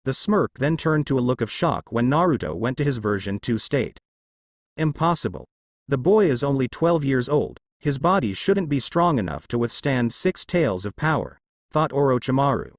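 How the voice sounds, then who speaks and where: A man reads fan fiction aloud in a steady, even storytelling style at a moderate pace, his pitch rising and falling with lively movement. He uses the same plain voice for every character. The recording is dry and close, with no echo or room sound.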